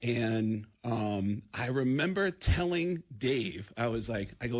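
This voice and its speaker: A man's voice: medium pitch, expressive, slow pace, hardly any pauses. A man, a guest comedian, telling a story on a radio show, acting out the quotes and stammering and repeating himself as he goes.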